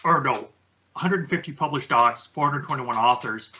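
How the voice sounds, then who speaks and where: A man's voice: mid-range voice, moderate pace, bright, forceful tone, lo-fi sound. A man co-hosting a podcast, casually explaining research findings step by step. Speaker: podcast co-host. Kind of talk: casual conversational chat.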